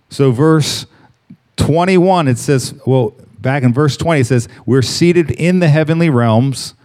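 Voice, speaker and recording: A man preaching a sermon, reading scripture aloud and slowing down to stress key words. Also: medium pitch, dark tone. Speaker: pastor.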